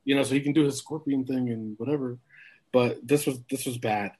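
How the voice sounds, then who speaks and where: A man co-hosting a wrestling review podcast, animated and incredulous, swearing freely as he rants. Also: mid-range voice, a little fast. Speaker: podcast co-host. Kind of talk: casual wrestling review chat.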